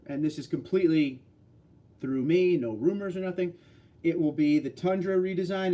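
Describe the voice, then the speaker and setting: A man from New York hosts a relaxed livestream and reads viewer comments aloud. He answers them in a loose, chatty way. His voice sits a little high but sounds soft and mellow. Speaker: livestream host reading viewer chat. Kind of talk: casual livestream chat.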